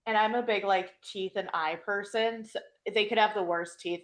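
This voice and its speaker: A woman's voice: medium pitch, steady tone, moderate pace. A young woman hosting a podcast and chatting casually, playful and teasing, laughing often. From Wisconsin. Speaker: podcast host. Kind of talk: casual chat.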